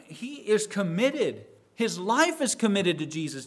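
A man preaching a sermon, acting out a disciple's words and swinging from loud to near silence. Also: very high-pitched, sing-song, a little slow. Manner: acts out a disciple's words in quoted asides; rises in loudness and falls to near silence.

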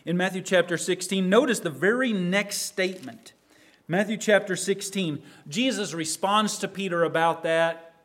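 A man preaching a sermon, acting out a disciple's words and swinging from loud to near silence. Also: high voice, normal speed. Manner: acts out a disciple's words in quoted asides; rises in loudness and falls to near silence.

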